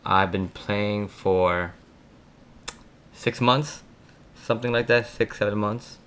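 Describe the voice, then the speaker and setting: A man's voice: lowish voice, a bit bright, smooth. A man from Florida with a lisp, talking casually and hesitantly with lots of ums as he walks through a card game deck. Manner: talks fast, hesitant with ums. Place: home room at night.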